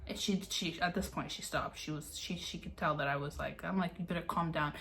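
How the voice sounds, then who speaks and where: A young woman vlogger telling a dramatic story in a casual, animated way, full of fillers and acted-out sounds. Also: low-pitched, brisk, vocal fry.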